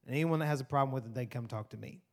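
A man preaching a sermon in an animated way, swinging from loud emphasis to quiet asides. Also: medium pitch, racing, creaky. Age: adult parent. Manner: animated preaching, rising and dropping to soft asides. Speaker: pastor.

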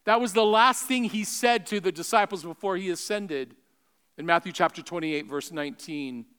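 A male preacher delivering a sermon, rising to emphatic peaks and dropping to hushed, quiet lines. His voice is high-pitched for a man and smooth, with a clear resonant ring. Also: normal speed. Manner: emphatic, swinging between raised and hushed delivery.

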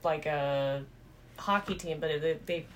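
Woman podcast co-host, low-pitched, relaxed casual chat, faint background noise. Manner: chatty, laid-back, quick to laugh along.

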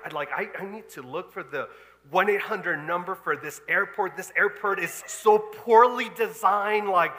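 A man in his thirties, a pastor, telling a story in an animated, laughing sermon style. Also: high voice. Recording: long hall reverb.

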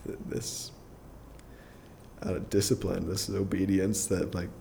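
A young adult man, a podcast guest, telling a personal story in a casual, rambling way full of fillers and quick chuckles. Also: low-pitched, monotone, creaky, warm tone, a little hiss or hum. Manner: rambling, filler-heavy, restarts often, chuckles through his story.

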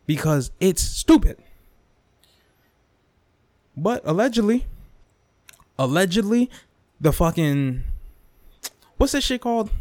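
A young man hosting a podcast, ranting casually with lots of swearing, repetition and quick asides. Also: a little high, no room sound, studio quality. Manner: animated, profane, repetitive, swings into mock whispers and impressions. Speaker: podcast host. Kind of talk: casual rant monologue.

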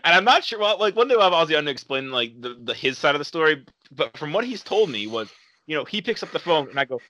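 A man's voice: on the high side, big pitch swings, fast, pushed and bright, no room sound. A young man hosting a podcast, telling a rambling story in casual chat and acting out the people he quotes. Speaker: podcast host.

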